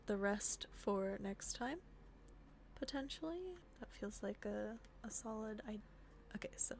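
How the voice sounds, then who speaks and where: Young female streamer, slightly high voice, unhurried, chatty game commentary with sudden whispers. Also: slight background noise. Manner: talks to herself while playing, drops to whispers when sneaking. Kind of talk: casual gameplay commentary.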